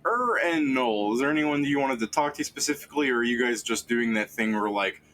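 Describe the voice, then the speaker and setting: A man's voice: mid-range voice, expressive, brisk, fairly bright tone, slight background noise, rough recording. A man running a tabletop game on stream, talking casually in a rambling, profane way. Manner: rambling, profane, full of fillers. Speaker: game master.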